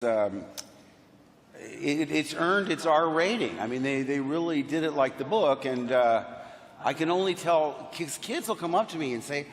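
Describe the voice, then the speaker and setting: A man speaking as a panel guest, telling animated stories to a crowd and acting out quotes in different voices. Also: a little high, measured pace. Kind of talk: anecdotal storytelling to a crowd. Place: large convention hall. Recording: echoey convention hall, faint hum.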